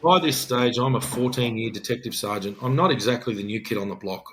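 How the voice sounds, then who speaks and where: A man's voice: medium pitch, fairly quick, fairly bright tone, a little hiss or hum. A middle-aged Australian police detective sergeant telling an emphatic, earnest story on a podcast, often acting out his own words.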